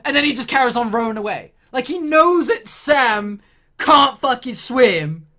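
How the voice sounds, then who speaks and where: A woman's voice: on the high side, expressive, a little slow, a bit bright. A woman delivering a sweary, exasperated comedic rant.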